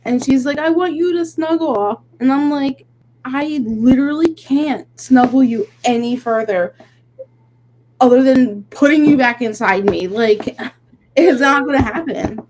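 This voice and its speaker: A young woman co-hosting a casual podcast, venting in an animated, rambling way that is full of "like"s. Her voice sits fairly high. A faint noise runs underneath. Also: a little slow. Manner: venting, animated storytelling with many "like"s. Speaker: podcast co-host. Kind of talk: casual chat.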